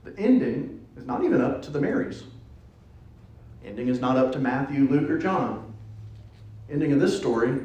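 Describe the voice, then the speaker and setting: A man preaching a sermon in a church, playful and animated, dropping suddenly to a hush. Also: medium pitch. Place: church sanctuary. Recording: echoey church hall.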